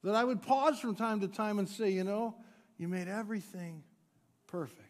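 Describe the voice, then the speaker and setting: A male pastor delivering a sermon, swinging from loud emphatic peaks to quiet low drops, with playful asides to the congregation. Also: moderate pace. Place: church sanctuary. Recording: long church hall reverb.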